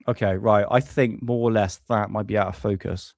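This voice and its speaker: A man's voice: on the low side, brisk, background noise. Ranting man on a live stream. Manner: animated, ranting, swears casually. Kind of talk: casual live stream chat.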